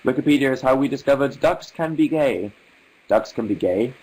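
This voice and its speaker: A man's voice: mid-range voice, expressive, moderate pace, a little mellow, low-quality recording. A young English man hosting a casual livestream, reading viewer comments aloud with wry, amused asides in an articulate manner. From England. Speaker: livestream host.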